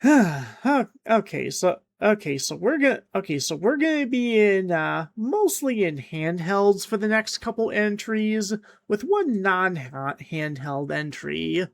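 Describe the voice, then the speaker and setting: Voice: mid-range voice, big pitch swings, a little slow, vocal fry, hardly any pauses. A host giving casual, chatty commentary on a song countdown, with frequent restarts and fillers.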